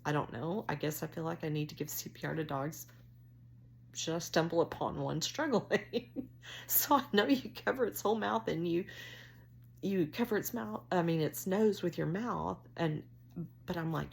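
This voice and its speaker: A middle-aged woman, chatting to camera as she tells a story on herself, with drawn-out, self-mocking phrasing. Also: fairly low pitch, creaky, slight background noise. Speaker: vlogger.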